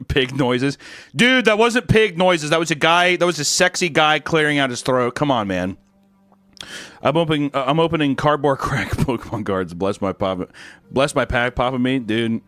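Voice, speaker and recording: A man's voice: medium pitch, big pitch swings, moderate pace, fairly bright tone, no echo, soft background music. A young man streaming, reading out fan messages in a crude, joking, sarcastic casual chat.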